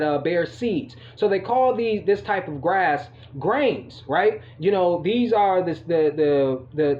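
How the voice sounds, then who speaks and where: A man's voice: sits high, muffled recording. A man hosting his own channel, talking casually and emphatically to his viewers, cursing often and filling gaps with "you know". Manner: emphatic, profane ranting with many fillers. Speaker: channel host. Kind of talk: casual monologue to camera.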